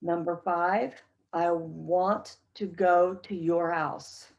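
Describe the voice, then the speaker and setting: A woman's voice: on the low side, steady tone, drawn-out words, vocal fry, darkish tone, muffled recording. A woman teaching an English pronunciation lesson to a class, carefully modeling short sentences for learners to repeat.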